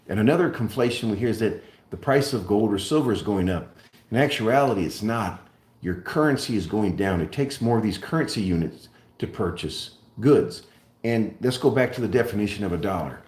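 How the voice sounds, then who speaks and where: A man hosting a live stream, speaking emphatically and deliberately, repeating key points like a lecturer. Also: on the low side, darkish tone, roomy sound. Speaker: host. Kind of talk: live-stream monologue on precious metals.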